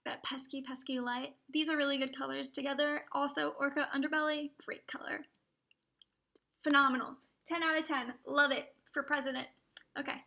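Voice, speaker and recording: A young woman hosts a casual livestream in a high, bright voice edged with vocal fry. She chats freely and keeps slipping into soft, half-whispered asides. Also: little pitch movement, fairly quick. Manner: chatty, often drops into half-whispered asides. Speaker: livestream host. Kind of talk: casual live commentary.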